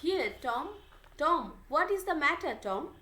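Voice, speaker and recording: Woman reading an anxious little brother, kinda high and pleading, echoey room. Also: very animated, unhurried, pushed and bright, heavily acted. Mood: worried. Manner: urgent, pleading questions. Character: anxious young boy, worried brother.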